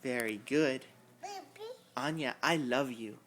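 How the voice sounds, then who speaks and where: A father using baby talk with his toddler, praising her warmly and imitating animal sounds in a sing-song way. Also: mid-range voice, lively intonation, slow pace.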